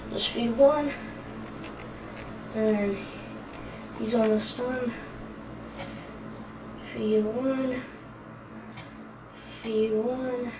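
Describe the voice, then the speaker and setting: Slow-talking woman in an echoey room. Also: on the high side, steady tone, over music. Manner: thinks aloud, hesitant and rambling. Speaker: gaming channel host. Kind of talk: casual gameplay commentary. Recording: echoey room, distant mic, faint noise.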